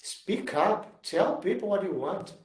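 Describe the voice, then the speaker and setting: A man's voice: high-pitched, animated, slow. Emphatic man, roomy distant sound. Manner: earnest, emphatic, repeats himself in non-native English. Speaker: executive speaker. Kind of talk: motivational talk and Q&A. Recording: roomy sound from far off the mic.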